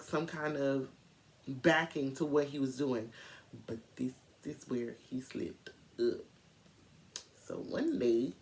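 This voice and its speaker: A woman telling a true crime story in a casual, animated way, speaking straight to her viewers. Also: low-pitched.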